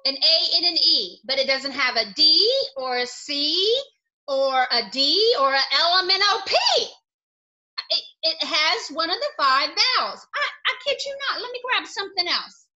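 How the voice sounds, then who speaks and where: A woman teacher giving a phonics lesson to young children. Her voice is high and very bright, and it swoops up and down a great deal. She plays to her pupils with sound effects and bursts of excitement. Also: unhurried, lo-fi sound. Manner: playful, animated, sound effects.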